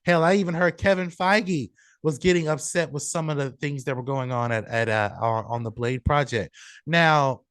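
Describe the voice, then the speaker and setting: Male podcast host, casual and rambling, lots of fillers, slightly raised pitch, close dry mic. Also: normal speed, fairly bright tone, smooth, no echo. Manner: rambling, filler-heavy, self-correcting. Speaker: show host.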